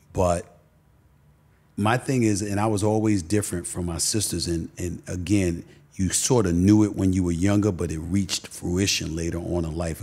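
A man's voice: deep voice, a little mellow, husky. A middle-aged man, a podcast guest telling candid personal stories emphatically and repeating phrases for stress. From Queens, New York.

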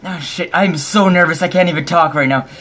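A man's voice: a little high, brisk, a bit bright, slight background noise. A young man hosting a let's play of a horror game, nervous and jumpy, swearing often and laughing between scares. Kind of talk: casual gaming commentary.

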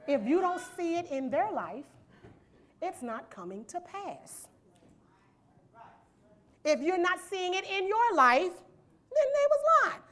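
High-voiced, lively woman preaching. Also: slow pace, pauses often. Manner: rhetorical questions and call-and-response, asks "amen?"; reads scripture aloud and explains it verse by verse. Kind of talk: sermon. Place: church.

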